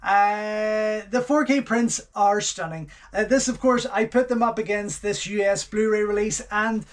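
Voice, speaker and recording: A man's voice: high voice, measured pace. A man, hosting his channel and gushing his way through a casual unboxing commentary, repeating his words of praise. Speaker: channel host reviewing home video releases.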